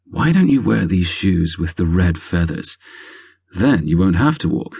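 A man's voice: sits low, big pitch swings, a little slow, gravelly, darkish tone, breathy edge, heavily acted. A man doing a purring, teasing young lover. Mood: mocking.

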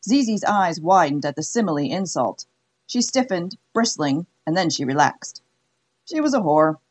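A woman narrating an audiobook in a measured, wry way. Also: fairly low pitch, animated, breathy edge. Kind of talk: scripted narration.

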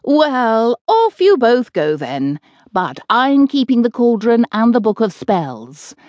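A woman's voice: fairly high pitch, big pitch swings, slow pace, darkish tone, no echo, muffled recording, pitched above the performer's own voice. A woman voicing a fierce, bossy old witch who hurls scornful insults, in a close dry studio recording. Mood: thundering.

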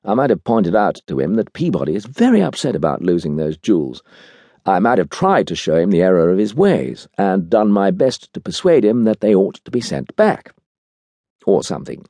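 A man voicing a suave, bantering gentleman outlaw who speaks with cool, quizzical mockery in an audiobook. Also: on the low side, big pitch swings, normal speed, no room sound, clean studio sound. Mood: mocking.

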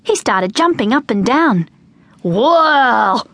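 A woman narrating a children's audiobook with lively, expressive delivery. Her voice sits at a middling pitch. The studio sound is dry and close. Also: normal speed, dry recording.

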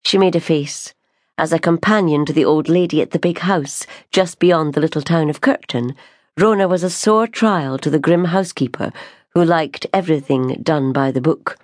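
A woman, reading a novel aloud in a measured, unhurried storytelling manner. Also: sits low, darkish tone, dry recording, clean studio sound. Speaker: audiobook narrator. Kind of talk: scripted narration.

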